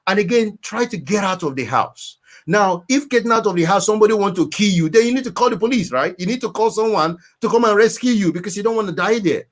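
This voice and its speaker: A man's voice: high-pitched, animated, fast talker. A man giving earnest, preachy advice as a guest counselor, repeating phrases for emphasis. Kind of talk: advice talk.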